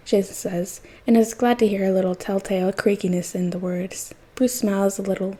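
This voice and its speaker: A woman reading fan fiction aloud in a soft, intimate narration that sometimes drops close to a whisper. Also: medium pitch, fairly even intonation, normal speed, few pauses. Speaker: podfic reader.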